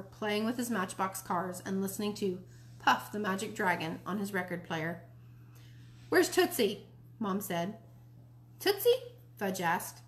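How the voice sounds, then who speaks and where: A woman reading a children's chapter book aloud for a library audience. Her narration is lively and expressive, at an ordinary middle pitch. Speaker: library storytime reader. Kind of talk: read-aloud storybook narration.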